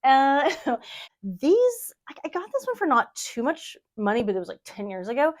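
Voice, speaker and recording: A woman's voice: high voice, wildly swooping pitch, moderate pace. A woman giving a casual tour of her home sewing studio, rambling, self-deprecating and laughing often. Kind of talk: casual chat.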